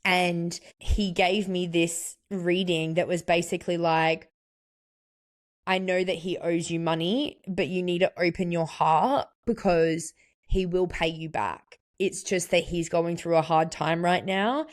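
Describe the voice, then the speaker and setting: A woman telling a personal story on her podcast in a fairly low, easy voice. She rambles candidly and confessionally, with plenty of "like" along the way. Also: steady tone, a little slow. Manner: confessional, rambling, heavy use of "like". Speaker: podcast host.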